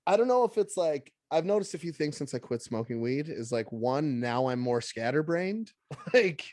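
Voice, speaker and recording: A man's voice: a little high, expressive, moderate pace, mellow, no room sound, clean studio sound. A man in his thirties co-hosting a podcast, telling a story in casual chat and jumping into quoted voices. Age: 30s. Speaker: podcast co-host.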